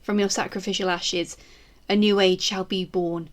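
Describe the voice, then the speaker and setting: A woman putting on a zealous Tudor queen with a voice, proud and vengeful. She declaims in grand, stately lines of mid pitch, building toward fury as she swears oaths. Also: little pitch movement, moderate pace, close to an everyday voice. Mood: menacing.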